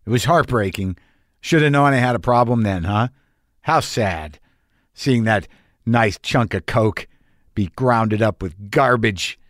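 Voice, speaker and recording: A man's voice: lowish voice, unhurried, no echo. Man, middle-aged, podcast host, blunt and profane, wry monologue, dry close sound. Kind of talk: candid personal monologue.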